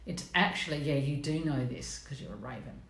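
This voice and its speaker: Middle-aged female host, deep voice, casual and frank, live stream from an echoey room. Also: a little fast, a bit bright. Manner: chatty, blunt and self-mocking, greets viewers by name.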